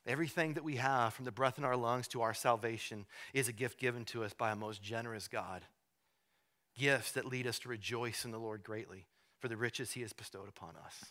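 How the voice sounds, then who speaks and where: A male pastor's sermon moves between quiet, deliberate emphasis and loud, high-pitched fervor. He frequently restarts, repeating words as he does.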